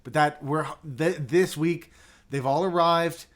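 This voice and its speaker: A man's voice: on the high side, fairly even intonation, slow pace, a bit bright. A man hosting a casual livestream, chatting loosely and reading out viewer comments with lots of fillers and restarts. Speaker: livestream host. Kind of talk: casual live chat.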